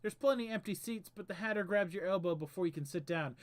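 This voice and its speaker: A man's voice: high voice, quick pace, hardly any pauses. A man hosting a casual game stream, chatting and reading game text aloud with small stumbles. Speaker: streamer host.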